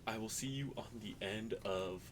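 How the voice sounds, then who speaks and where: A man's voice: lowish voice, moderate pace, heavy background noise, close to an everyday voice. A man voicing a young male vampire chef, polite with a smug edge.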